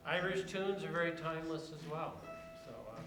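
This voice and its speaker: A man playing violin live, chatting casually between tunes in a halting way with many fillers. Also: on the high side, steady tone. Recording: echoey room with instrument music.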